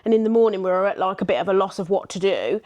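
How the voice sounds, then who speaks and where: A woman's voice: medium pitch, animated, rapid-fire, a little mellow. Friendly, chatty woman. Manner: friendly, chatty, supportive interjections. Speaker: podcast co-host. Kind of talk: casual chat.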